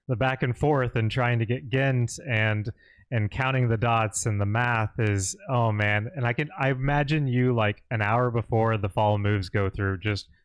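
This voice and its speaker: A man co-hosting a casual chat, enthusiastic and quick to laugh, with short replies between longer remarks. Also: medium pitch, clean tone, no echo. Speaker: co-host. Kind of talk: casual conversation.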